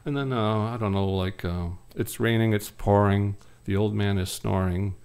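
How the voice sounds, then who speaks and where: A man from Michigan doing wry, rambling comedic stage patter between songs, with many hesitant pauses. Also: fairly low pitch, fairly even intonation, darkish tone, smooth. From Michigan, USA. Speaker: singer-comedian. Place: live stage before an audience.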